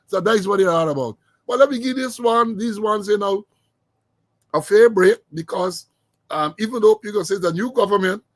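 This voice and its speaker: A middle-aged man gives casual political commentary as a show host. His voice sits high for a man and sounds close and dry, with no room around it. He is emphatic and circles back over his words to press a point. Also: dry recording. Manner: emphatic, repeats phrases for weight. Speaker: podcast host.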